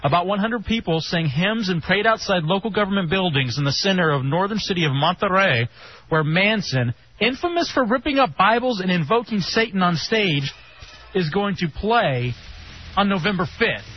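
A man hosting a casual radio talk show, joking and animated. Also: moderate pace. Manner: animated, joking, jumping pitch. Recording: dull lo-fi broadcast with faint hiss.

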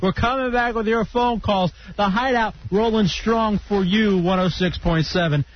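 A man's voice: sits high, normal speed. A man hosting a call-in radio show, teasing callers and joking around. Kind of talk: casual call-in radio banter. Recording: dull lo-fi radio broadcast.

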